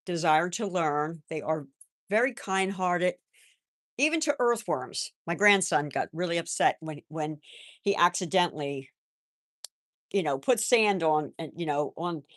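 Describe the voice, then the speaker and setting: An older woman with a lowish, soft voice, chatting gently and rambling a little as she answers viewers' comments on a live stream. The sound is close and dry, with no room around it. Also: no echo. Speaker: livestream host. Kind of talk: casual live-chat talk.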